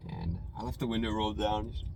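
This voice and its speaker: Low-voiced young man telling a rambling story. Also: fast talker, vocal fry, background noise. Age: young adult. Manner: rambling, conversational, full of "you know" and "man". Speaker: food reviewer telling a story. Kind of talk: casual storytelling.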